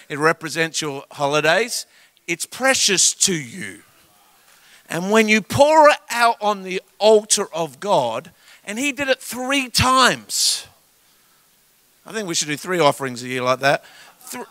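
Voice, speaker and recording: A man with an Australian accent preaches with a high, bright, ringing voice. He jokes through his sermon in a church service and moves between hushed asides and loud bursts. The sound is close and dry. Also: no room sound. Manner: animated, joking, swings from quiet asides to shouts. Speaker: guest preacher. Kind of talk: sermon with comic storytelling.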